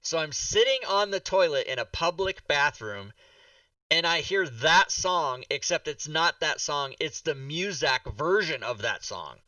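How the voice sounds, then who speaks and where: A man hosting a podcast, telling a rambling, animated story full of swearing and acted-out reactions. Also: fairly high pitch, unhurried, no room sound, far from the mic, rough recording. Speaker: podcast host. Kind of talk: casual chat.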